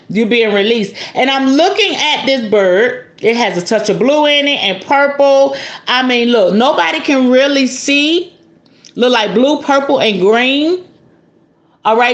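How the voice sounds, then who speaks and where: Woman tarot reader, high-ish voice, casual and animated, preaching tone, echoey room. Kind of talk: spiritual tarot reading.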